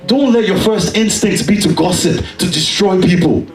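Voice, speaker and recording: A man preaching a sermon, telling a personal story with animated delivery and emphatic peaks. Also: sits high, moderate pace, roomy sound, distant mic, soft background music, low-quality recording. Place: church.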